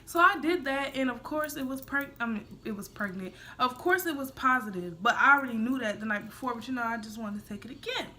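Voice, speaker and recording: A young woman from the United States chats through a casual storytime vlog, filling her talk with fillers and turning to her viewers often. Her voice sits a little high and rings bright and forward. She records it on her phone at home, with faint noise behind her. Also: animated, fast talker, few pauses. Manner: chatty and rambling, full of fillers, addresses viewers directly. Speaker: vlogger.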